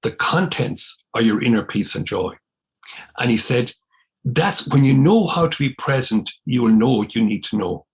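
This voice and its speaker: A man's voice: mid-range voice, normal speed. An older Irish man, a former missionary priest, telling his life story as a podcast guest and acting out the dialogue he recalls. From Ireland. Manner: animated storyteller, acts out quoted dialogue. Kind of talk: storytelling in conversation.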